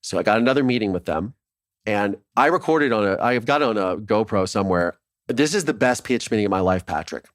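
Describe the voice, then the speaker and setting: A male filmmaker from Ohio telling his story as an interview guest, animated and swearing freely, acting out what others said. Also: lowish voice, brisk, no room sound, studio quality. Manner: animated, swears freely, acts out quoted dialogue.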